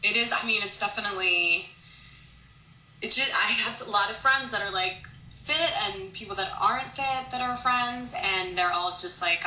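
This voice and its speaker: A woman's voice: mid-range voice, moderate pace, pushed and bright. A woman fitness instructor co-hosting a podcast in casual chat, giggly and upbeat, saying "like" often. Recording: roomy echo with faint noise.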